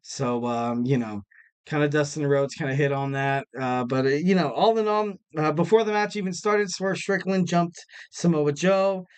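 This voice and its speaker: A man's voice: a little high, normal speed, smooth. A man hosting a wrestling podcast alone, rambling casually with lots of fillers and self-mocking jokes. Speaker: podcast host. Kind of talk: casual solo podcast talk.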